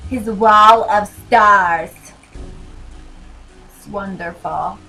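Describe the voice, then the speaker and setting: Bright, chatty young woman streamer. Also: medium pitch, poor audio. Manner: chatty, giggly, rambling. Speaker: streamer playing a video game. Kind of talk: casual gameplay commentary.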